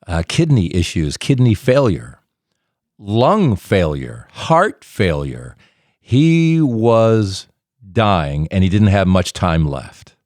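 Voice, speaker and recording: Gentle male podcast host. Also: deep voice, very animated, takes it slowly, no room sound, clean studio sound. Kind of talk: reflective narration and interview.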